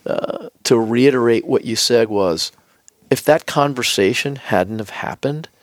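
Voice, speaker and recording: A man's voice: mid-range voice, a little slow, no echo. A man appearing as a guest on a podcast, telling a personal story in casual chat and acting out the lines of the people in it. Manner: animated storyteller acting out quoted dialogue. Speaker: podcast guest, business executive.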